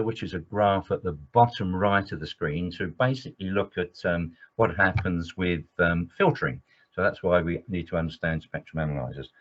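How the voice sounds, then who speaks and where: A man teaching as an engineering trainer in a webinar lecture, enthusiastic and digressive, with many fillers. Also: on the low side. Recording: dull lo-fi webinar audio.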